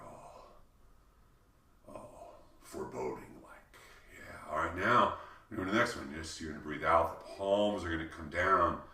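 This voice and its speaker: A man with a very low but bright, forceful voice leads a qigong class, calmly calling each breath in and out. He slips in light, joking asides between the cues. He sounds a little away from the mic in an echoey room. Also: recorded from a distance, slight background noise. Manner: calm, cueing breaths, with playful asides. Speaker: qigong instructor. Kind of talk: guided movement instruction.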